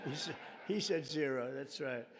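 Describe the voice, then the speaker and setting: A man with a medium-pitched voice gives a ceremonial speech at a formal reception in a large room, speaking at a moderate pace over slight background noise. He's chatty and rambling, breaking off for off-script jokes aimed at the audience.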